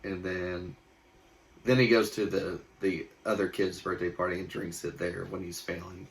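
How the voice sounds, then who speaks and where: A man's voice: low-pitched, level tone, moderate pace, vocal fry. A young man co-hosting a movie review podcast, talking casually with a laid-back, sarcastic manner. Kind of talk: casual chat.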